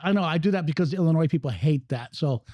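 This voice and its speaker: A man's voice: on the high side, expressive, fast talker, no echo, lo-fi sound. A man hosting a podcast in casual chat, rambling and swearing freely as he talks. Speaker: podcast host. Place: cigar lounge.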